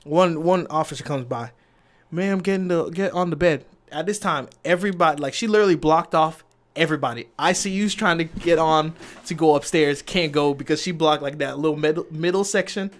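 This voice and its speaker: A man's voice: a little high, brisk. A man co-hosting a podcast, casually telling a story from work, acting out what people said and getting exasperated when he is interrupted. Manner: animated, acts out quotes, exasperated at interruptions.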